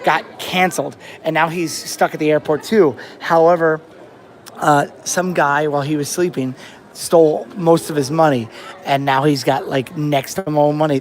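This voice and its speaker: A young man from the States talks to his camera outdoors, rambling through a travel story and restarting his sentences often. His voice sits a bit high for a man, and faint outdoor ambience hums behind him. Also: steady tone, normal speed, slight background noise. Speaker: travel vlogger. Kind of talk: casual vlog storytelling. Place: outdoors on a rainy beach.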